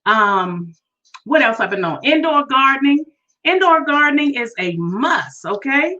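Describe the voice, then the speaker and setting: A woman's voice: high voice, very animated, a little slow, pushed and bright. A woman hosting her own vlog, chatting casually and upbeat with viewers, often repeating phrases and sometimes singing her greetings. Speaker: vlog host. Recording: distant, dull lo-fi sound.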